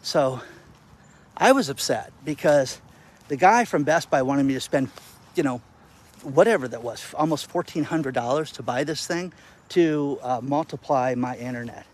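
A male content creator telling stories to camera outdoors in the wind, animated and exasperated. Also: medium pitch, normal speed. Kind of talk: casual vlog rant.

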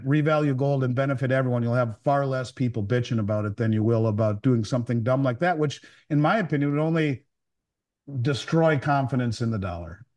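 A man's voice: medium pitch, a little mellow. A man on a call as a guest, talking bluntly and rambling, often restarting his sentences. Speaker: precious metals dealer guest. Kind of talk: casual chat. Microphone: remote call.

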